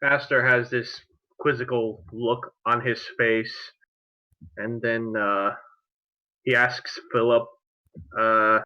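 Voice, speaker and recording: A man playing a character in a tabletop game, hesitant and slow. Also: medium pitch, level tone, sharp tone, dull audio. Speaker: player. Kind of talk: tabletop role-play.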